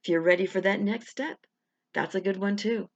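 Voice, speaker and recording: A woman leads a guided affirmation session in a chatty, encouraging way. She draws out each affirmation slowly and deliberately. Her voice carries a gravelly fry, and the recording sounds dull and lo-fi. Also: medium pitch. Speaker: affirmation coach, host.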